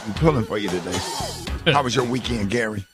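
A man's voice: on the low side, quick pace, over music. A man, hosting a morning radio show, teasing his co-host and laughing through a story. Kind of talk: comedic radio banter.

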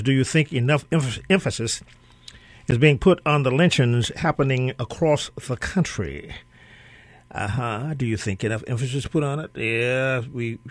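A middle-aged man hosts a community call-in radio show in a relaxed, rambling way, full of "uh"s and restarts. His voice sits at an ordinary pitch and sounds close and dry on a studio mic. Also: dry recording. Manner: loose, conversational, with frequent fillers and repeats. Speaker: radio talk show host. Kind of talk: community talk radio monologue. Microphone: studio microphone.

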